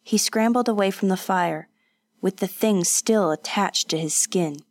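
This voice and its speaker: A woman narrating a story in a steady, measured audiobook reading. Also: medium pitch, no echo.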